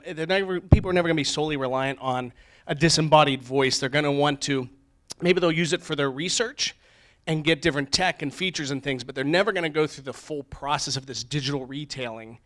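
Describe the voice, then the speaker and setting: Man, panelist, joking, playful asides, fairly high voice. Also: a bit bright. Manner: joking, mimics voice assistants. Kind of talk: casual panel discussion.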